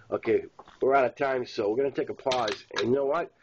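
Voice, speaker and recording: A man reading his own novel aloud in first person, with plain, steady storytelling. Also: medium pitch, brisk, muffled recording, slight background noise. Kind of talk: first-person audiobook narration.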